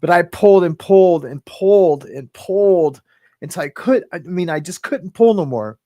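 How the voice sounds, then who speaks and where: A man in his fifties who hosts a livestream, telling a personal story in a rambling, halting way full of fillers and restarts. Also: high-pitched, lively intonation, mellow, dry recording, clean studio sound. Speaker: livestream host. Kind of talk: casual storytelling.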